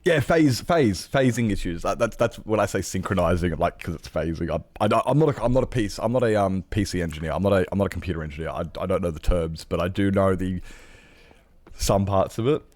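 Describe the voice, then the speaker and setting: A man's voice: low voice, lively intonation, fast, darkish tone, no room sound. A man streaming, chatting casually with viewers, rambling and correcting himself, swearing freely. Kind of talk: casual chat with live chat.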